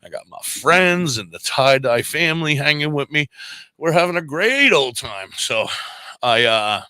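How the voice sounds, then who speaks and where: A slightly high male voice at a measured pace, recorded dry on a podcast mic. The speaker, a radio DJ on a podcast as a guest, tells his story casually and brings the quoted dialogue to life with animated acting.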